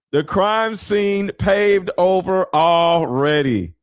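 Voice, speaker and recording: A man doing casual, blunt reaction commentary as a streamer, full of slang and loud laughing outbursts. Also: a little high, very animated, moderate pace, no room sound, clean studio sound.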